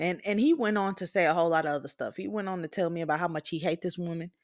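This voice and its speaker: A woman's voice: on the low side, racing, few pauses. Blunt, profane woman in her twenties. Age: 20s. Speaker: podcast host. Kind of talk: candid opinion monologue.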